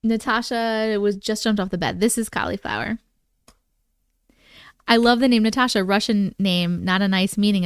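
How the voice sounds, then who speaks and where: A woman's voice: medium pitch, smooth, no room sound, clean studio sound. A woman hosting a live stream, casually chatting with viewers, reading their comments aloud and cooing at her cats. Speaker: livestream host.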